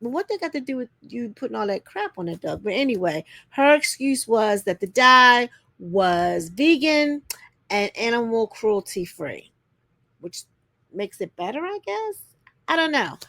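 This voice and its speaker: A woman's voice: big pitch swings, a little slow, gravelly, fairly bright tone, no echo. A woman hosting a casual reality TV recap, sassy and direct with viewers, acting out quotes in a put-on voice. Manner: sassy, talks straight to viewers, acts out quotes with pitch jumps.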